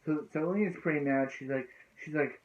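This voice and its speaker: A man's voice: a little high, fairly quick. A man casually recapping a TV episode in a rambling way, restarting often and filling gaps with "so yeah" and "so anyway.". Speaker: TV episode reviewer. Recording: tinny phone-like lo-fi sound.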